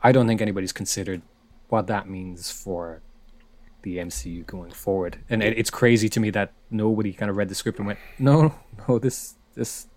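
A man's voice: on the low side, steady tone, a little fast, a little mellow. A man co-hosting a casual film podcast, talking animatedly and repeating words as he builds his point. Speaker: podcast co-host.

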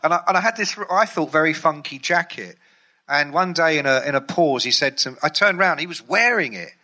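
Bright-voiced man telling rock stories. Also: on the high side, animated, brisk. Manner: rambling, amused, many fillers and restarts. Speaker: music journalist and ghostwriter. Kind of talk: anecdotal storytelling.

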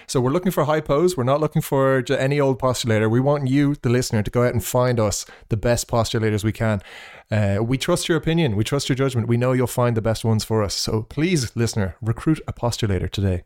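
A man's voice: medium pitch, fast talker, few pauses, a little mellow. A man with an Irish accent, co-hosting a podcast in casual chat, wordy and dryly self-deprecating. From Ireland. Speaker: podcast co-host.

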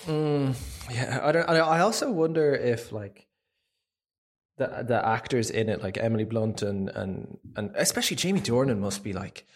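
A young Irish man co-hosting a casual film podcast, with a voice of middling pitch. He gets excitable, and his voice jumps up when he finds something absurd. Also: normal speed. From Ireland. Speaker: podcast co-host. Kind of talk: casual film-review chat.

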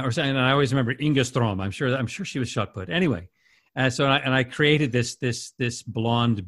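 A man in casual conversation as a radio host, telling anecdotes with lots of laughter. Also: mid-range voice. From Canada. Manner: animated storyteller, laughs often. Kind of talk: casual chat.

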